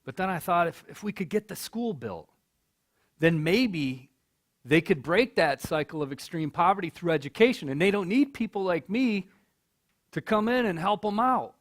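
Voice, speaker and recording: A middle-aged man tells a story from a college stage in a somewhat high voice. He speaks earnestly and often repeats his words when the moment gets to him. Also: lively intonation, normal speed. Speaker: keynote speaker. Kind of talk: storytelling speech. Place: college hall.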